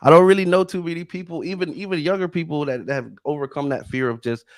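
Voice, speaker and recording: A man's voice: on the high side, quick pace, no echo. Male podcast host, loose slangy interviewer, dry close sound. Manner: laid-back slangy talk, many fillers and restarts. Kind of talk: casual interview chat.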